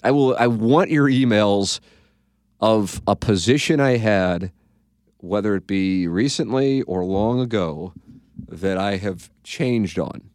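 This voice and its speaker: A man's voice: on the low side, takes it slowly, darkish tone, no echo, studio quality. A man hosting a podcast in casual chat, rambling and profane, trailing off into asides. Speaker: podcast host.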